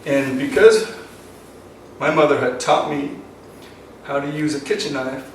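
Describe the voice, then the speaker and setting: A man's voice: on the high side, measured pace, very echoey. Older man, self-defense instructor, earnest, rambling, choked up, far from mic, faint background noise. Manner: earnest, rambling, with many ums and uhs. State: emotional, choked up. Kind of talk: casual instructional talk to camera.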